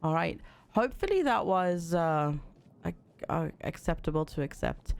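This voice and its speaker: A woman hosting a casual let's-play video, relaxed and quick to react with exclamations. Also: low voice, gravelly. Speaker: gaming channel host.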